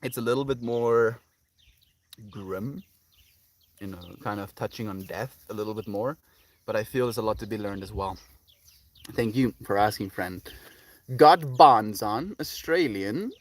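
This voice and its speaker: A man's voice: lowish voice, normal speed, long pauses. A young South African man chatting on a casual live stream, reading chat aloud and cooing baby talk at his puppy outdoors.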